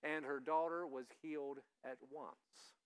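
A man's voice: on the high side, fairly even intonation, unhurried, clear, resonant tone. A man preaching a sermon as a pastor, talking to his congregation in a conversational way and asking them direct questions. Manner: acts out quoted speakers with loud shouts.

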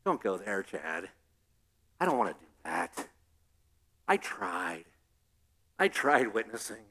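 A preacher voicing a reluctant churchgoer who mutters in a low, quiet voice. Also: male voice, sing-song, takes it slowly, breathy edge, heavily acted. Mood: discouraged. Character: reluctant, discouraged churchgoer, adult.

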